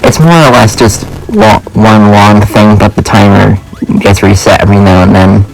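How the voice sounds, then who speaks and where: A young man hosting a let's play, chatting casually as he plays. His voice sits low with a gravelly fry. He rambles, fills gaps with uh and like, and makes fun of himself. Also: steady tone, normal speed, low-quality recording. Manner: rambling, full of uh and like, self-deprecating. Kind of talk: casual gameplay commentary.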